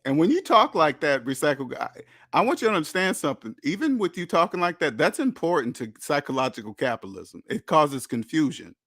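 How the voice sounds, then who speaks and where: A man's voice: on the high side, sing-song, fairly quick, fairly bright tone, no echo. A man hosting a channel in a blunt, lecturing monologue, repeating points for emphasis. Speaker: host. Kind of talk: casual monologue.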